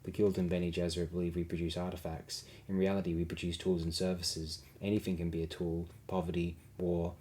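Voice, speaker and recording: Man voicing a spiteful scheming dwarf, low and flat. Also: brisk, few pauses, natural voice. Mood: lecturing.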